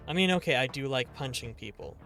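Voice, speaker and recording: A man's voice: mid-range voice, lively intonation, a little fast, bright, forceful tone, soft background music. A man reading a dry, stoic yakuza hero.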